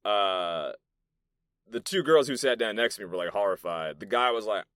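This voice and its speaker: A young New York podcast host with a lowish, slightly bright voice and lively intonation talks at normal speed. Alone in a soundproof meeting room, he rambles through loose, filler-heavy stories and swears freely.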